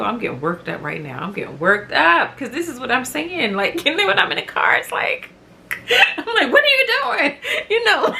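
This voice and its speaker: A woman vlogger chatting casually at home, animated and laughing often, rising to loud exasperation. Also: medium pitch, a little hiss or hum. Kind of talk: casual chat to camera.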